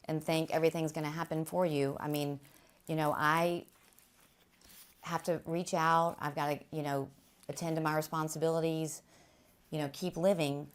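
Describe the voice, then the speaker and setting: Woman, deep voice, interview guest, earnest, halting, faith testimony. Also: little pitch movement. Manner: earnest, halting, many fillers and restarts.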